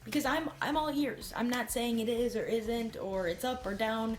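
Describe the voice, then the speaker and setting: A young woman vlogging casually about herself, candid and self-deprecating, swearing freely and rambling with quick asides. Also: on the high side, faint music behind. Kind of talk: casual talking-head vlog.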